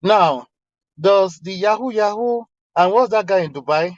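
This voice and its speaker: A man's voice: sits high, a little slow, dry recording. A man in an online discussion room, earnestly quoting texts and arguing his point with frequent restarts. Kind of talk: casual argumentative talk quoting texts. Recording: slightly dull lo-fi online audio.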